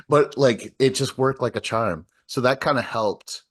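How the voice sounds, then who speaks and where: A man's voice: mid-range voice, normal speed, hardly any pauses, a bit bright. A man co-hosting a casual podcast, telling profane anecdotes and laughing often. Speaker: podcast co-host.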